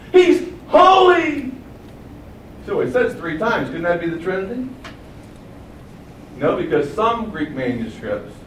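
A man preaching a sermon, asking rhetorical questions and booming out quoted acclamations. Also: echoey room, far from the mic, a little hiss or hum, poor audio.

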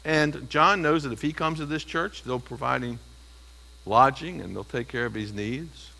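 A man's voice: mid-range voice, moderate pace, vocal fry, pushed and bright, rough recording. A man preaching an expository sermon, emphatic and teaching, often asking the congregation questions. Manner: emphatic, stresses single words. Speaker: pastor.

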